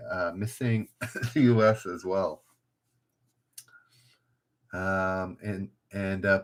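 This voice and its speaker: This trivia livestream host has a lowish, bright, forceful voice. During a casual live quiz he reads each question aloud, shouts out players, and chats while joking about himself.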